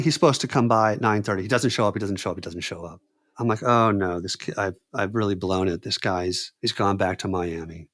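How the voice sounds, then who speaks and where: A man on a podcast telling a story in a casual, animated way, acting out both sides of conversations and laughing readily. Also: lowish voice. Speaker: podcast guest.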